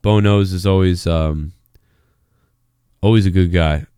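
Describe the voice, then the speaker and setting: A man's voice: low voice, fairly even intonation, unhurried, mellow, smooth, dry recording, studio quality. A man hosting a live stream in casual chat, rambling, swearing freely and reading viewer messages aloud. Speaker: live-stream show host.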